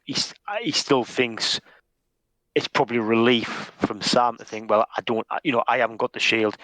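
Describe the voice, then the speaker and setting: Man talking with halting restarts. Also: lowish voice, bright, forceful tone, dry recording, rough recording. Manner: hesitant, many restarts and fillers. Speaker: podcast co-host. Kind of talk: casual chat.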